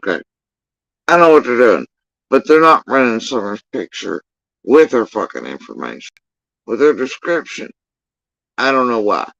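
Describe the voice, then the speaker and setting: A man's voice: medium pitch, gravelly, a bit bright, dry recording, muffled recording. A man in a casual livestream monologue, telling a story in a heated, profane, emphatic way. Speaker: livestream host.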